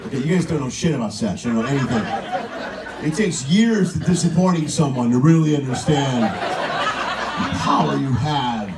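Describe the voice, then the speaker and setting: A man in his forties doing a crude, animated stand-up comedy routine in a cruise ship comedy lounge, shouting his punchlines. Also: medium pitch, normal speed, very noisy. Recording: roomy lounge, far from the mic, with crowd laughter. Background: audience laughter.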